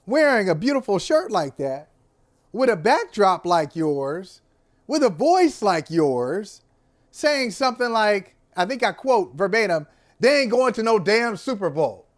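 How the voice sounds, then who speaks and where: A man co-hosting a casual sports talk show, teasing his co-host with rambling questions full of restarts. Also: high-pitched.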